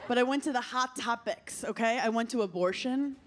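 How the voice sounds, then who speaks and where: Brash high-voiced woman doing stand-up. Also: fairly quick. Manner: brash, playful, laughing through punchlines. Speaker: stand-up comedian. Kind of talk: stand-up set. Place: comedy stage before a live audience. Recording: loud live crowd and noise.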